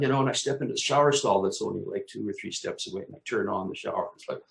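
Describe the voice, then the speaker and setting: A man's voice: lowish voice, fast, creaky, few pauses. A man, co-host of a talk show, casually telling a vivid personal story, acting out his own exclamations and swearing freely. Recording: echoey room.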